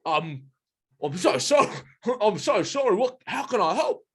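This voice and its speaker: A man's voice: high-pitched, very animated, measured pace, slightly rough, pitched above the performer's own voice, heavily acted. A man voicing a flustered male gorilla in a tabletop game, stammering apologies in a raised voice. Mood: apologetic.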